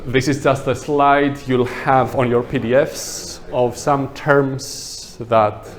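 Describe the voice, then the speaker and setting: A man's voice: mid-range voice, steady tone, takes it slowly. A man giving a casual workshop lecture as a landscape architect, chatty and joking, regularly checking in with his audience, speaking English as a non-native speaker. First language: not English.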